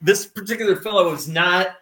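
A man's voice: sits high, a little fast, bright, forceful tone. Dry-humored man telling a story, echoey room. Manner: dry self-deprecating storyteller. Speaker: guest writer. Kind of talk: casual radio chat.

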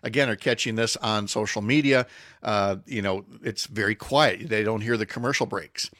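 A man's voice: lowish voice, moderate pace, fairly bright tone, no room sound, studio quality. A man hosting a morning radio talk show, chatting casually and rambling with restarts. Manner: rambling, self-correcting, chatty. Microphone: studio microphone.

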